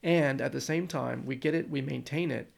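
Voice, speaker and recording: An American man with a gravelly, fry-edged voice at a middle pitch. He talks casually and thinks aloud, circling back through his points with lots of restarts. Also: normal speed. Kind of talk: casual conversation.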